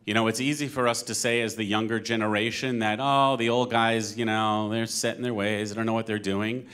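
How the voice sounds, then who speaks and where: A man speaking at a panel conversation as a company co-president, earnest and halting, getting teary. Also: fairly low pitch, level tone, a bit bright, smooth. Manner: earnest, emotional, halting with fillers. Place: synagogue event hall.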